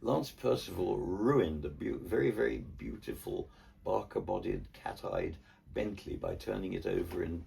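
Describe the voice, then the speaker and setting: Speaking at normal speed in a low, warm, gravelly voice, an older artist and ventriloquist from Cornwall spins theatrical, wry stories in casual conversation. He's indoors in his home studio, recorded by a distant mic with faint room ambience and slight background noise.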